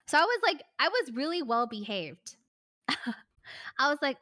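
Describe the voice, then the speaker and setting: A woman streamer casually telling a personal story, animated, swearing and full of "like" fillers. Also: high-pitched, a little slow, long pauses.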